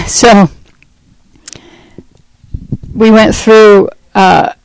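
A middle-aged woman telling her personal testimony in an earnest, conversational way, pausing and restarting as she goes. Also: medium pitch, fairly even intonation, darkish tone, smooth, dry recording, rough recording. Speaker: speaker giving a testimony.

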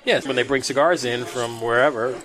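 A man who talks quickly and explains things plainly, co-hosting a relaxed chat. Chatter from a crowd is heard around him. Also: mid-range voice. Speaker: podcast co-host. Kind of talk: casual chat.

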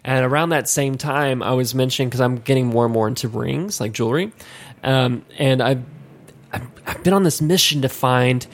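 A man's voice: medium pitch, moderate pace, a little hiss or hum. A man co-hosting a casual podcast chat, rambling with many restarts and laughing easily. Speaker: podcast co-host.

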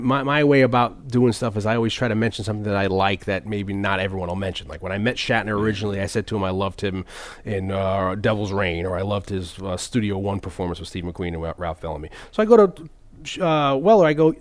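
Man, middle-aged, casual storytelling, animated, quick, dry close sound. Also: lowish voice, dry recording. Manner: animated, acts out quotes with voices.

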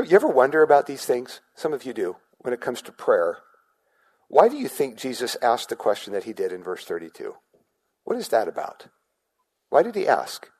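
A man's voice: medium pitch, a little mellow, husky, poor audio. Conversational male pastor preaching. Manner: conversational, asks the congregation questions, restarts words. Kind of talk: sermon.

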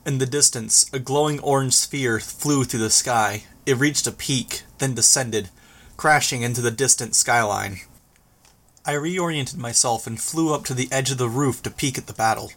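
Here a man narrates a novel for an audiobook, following the script closely. The measured, unwavering delivery comes in a voice pitched at mid-range.

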